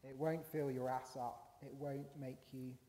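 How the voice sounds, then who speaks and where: A man voicing a world-weary older detective giving advice, slow and weary. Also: mid-range voice, level tone, dark tone, slight background noise, natural voice. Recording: long church reverb.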